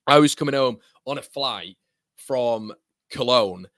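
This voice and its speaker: A young man, hosting a live football watchalong and chatting to viewers in an animated storytelling way. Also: medium pitch, a little slow, no room sound, studio quality. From Leeds. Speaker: watchalong host. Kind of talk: casual live stream chat.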